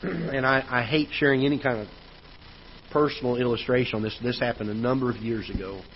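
A male pastor delivers a sermon as a personal story, talking in a plain, conversational way that grows loud at the frustrating moments. His voice sits in an ordinary middle pitch. The church livestream audio is a little dull, with a faint hiss underneath. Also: steady tone, brisk. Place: church auditorium.

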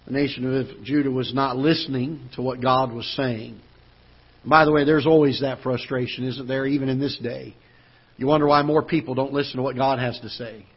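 Husky-voiced preacher in a church broadcast. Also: male voice, mid-range voice, lo-fi sound. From United States. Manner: preaching with swelling emphasis, slowing on scripture; joking aside to the congregation. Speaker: pastor. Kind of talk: sermon. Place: church auditorium.

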